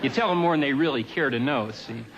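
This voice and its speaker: A male comedian works through a stand-up set on a TV studio stage. His delivery is dry and deadpan, full of offhand asides, and his pitch sits in a middle range for a man. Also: fast talker, dull audio, a loud crowd, heavy background noise.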